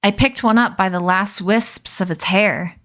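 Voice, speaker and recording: A woman streamer reading a novel aloud with expressive, clear narration. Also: mid-range voice, measured pace.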